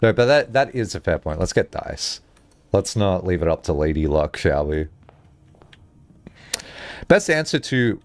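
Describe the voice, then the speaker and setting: A man's voice: low-pitched, sing-song, unhurried, long pauses. A young adult man streaming a video game, rambling through comedic tangents and laughing often. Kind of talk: casual live-stream commentary.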